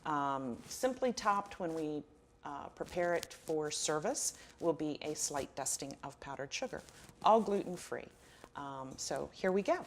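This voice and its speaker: A woman's voice: low voice, expressive, measured pace, a little hiss or hum. A woman explaining a recipe step by step, with frequent ums. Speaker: cook.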